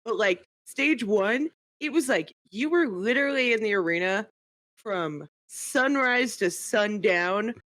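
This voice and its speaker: A woman co-hosting a podcast in casual chat, animated and teasing, filling her talk with "like". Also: medium pitch, a little slow, no echo, clean studio sound. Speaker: podcast co-host.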